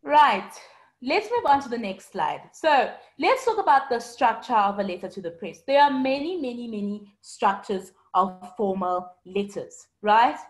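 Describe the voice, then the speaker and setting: A woman's voice: a little high, big pitch swings, a little slow. A woman teacher giving an online lesson, patiently explaining and answering students by name. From South Africa.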